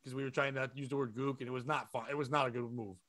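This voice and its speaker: A man's voice: mid-range voice, racing, no echo. A man co-hosting a casual comedy chat, telling stories and acting out the people in them. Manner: animated storyteller who acts out shouting customers. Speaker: podcast co-host.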